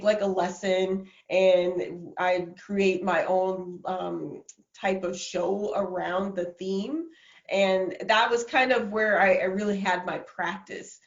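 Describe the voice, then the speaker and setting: A woman from Minnesota talking as a guest over a video call, animated, laughing often and restarting her sentences. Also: mid-range voice. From Minnesota, USA. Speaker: motivational speaker, guest. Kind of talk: casual video-call interview. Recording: roomy, dull lo-fi sound.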